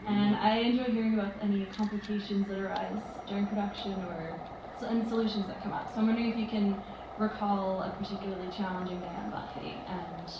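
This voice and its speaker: A woman in the audience asks a polite, careful question. her voice sits mid-pitch and comes out echoey and dull, with steady noise from the hall clearly behind her. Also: a little fast. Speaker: fan asking a question. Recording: echoey hall, dull, noisy fan recording.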